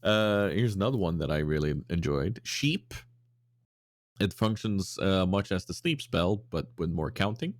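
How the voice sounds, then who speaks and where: With a low voice, lively intonation and a measured pace, a man co-hosting a podcast chats casually while reading out listener submissions. His rambling is full of fillers and restarts, punctuated by silly voices, on a dry, clean studio recording.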